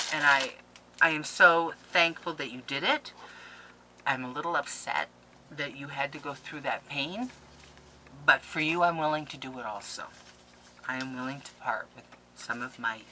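A woman's voice: low-pitched, moderate pace, long pauses, noisy background. A woman scrapbooking vlogger opening a package on camera, gushing and playfully melodramatic in a casual chat. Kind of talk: casual unboxing vlog.

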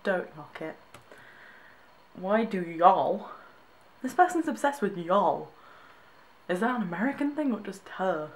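A woman's voice: mid-range voice, big pitch swings, normal speed. A young woman from Britain reacting to tweets in a casual vlog, amused, laughing often and restarting her sentences. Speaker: vlogger.

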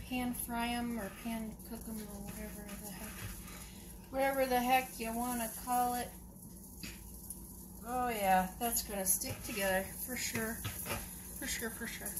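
Woman vlogger, rambling and chatty, slow-spoken, high-ish voice, noisy home recording. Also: fairly even intonation. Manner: rambling, chatty, talks to her dog in a sing-song voice. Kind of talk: casual home vlog.

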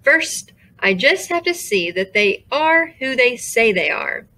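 A woman puts on a male creature guardian who talks in a raised, bouncy voice, rambling and losing his thread as he goes. He sounds sheepish and easily distracted, a gentle storybook monster. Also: a little high, big pitch swings, slow, voice pushed up, heavily acted. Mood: curious.

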